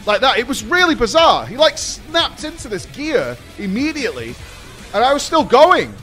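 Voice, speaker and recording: A British man in his thirties hosting a podcast, telling a story in a casual, animated way and swearing freely. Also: very high-pitched, moderate pace, faint music behind. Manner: animated, swears, laughs while telling stories. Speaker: podcast host.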